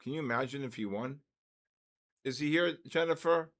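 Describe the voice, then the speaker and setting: A man hosting a trading live stream, calling out giveaway winners in a drawn-out, repetitive way. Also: medium pitch, fairly bright tone.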